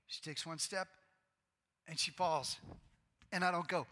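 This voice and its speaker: A pastor in his forties preaching a sermon to his congregation, earnest and bursting into loud, excited outbursts. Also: fairly high pitch, unhurried, long pauses. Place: church sanctuary. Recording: long reverb of a large hall.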